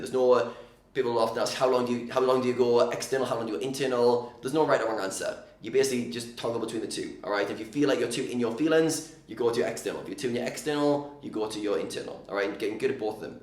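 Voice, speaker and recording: A man's voice: medium pitch, echoey room. Man coaching, constant "all right?". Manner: frequent "all right?" check-ins, energetic and direct. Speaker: poker mindset coach. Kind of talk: casual teaching monologue.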